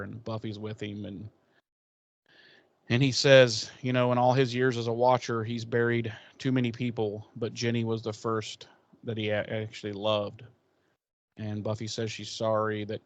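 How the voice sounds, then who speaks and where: A man's voice: medium pitch, fairly bright tone. Blunt, sarcastic podcast man. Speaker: podcast co-host. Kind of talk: casual episode recap.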